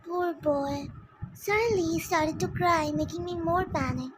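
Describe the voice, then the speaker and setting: A woman's voice: very high voice, unhurried, background noise. A woman narrating a first-person fan fiction story in an earnest, simple way.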